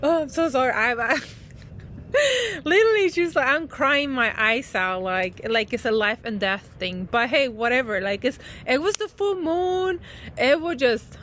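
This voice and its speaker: A spiritual coach films a heartfelt, casual vlog outside, offering comfort in a rambling way full of filler words. Her voice is fairly high and a bit bright, with slight background noise.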